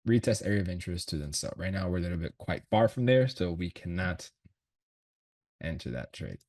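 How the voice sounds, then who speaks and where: Casual trading streamer: a deep-voiced man with a husky edge, slangy and loose. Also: animated, fairly quick, darkish tone. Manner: slangy, swears, laughs often, thinks aloud. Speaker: trader streaming his chart analysis. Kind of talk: casual livestream chat. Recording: voice from a distant mic.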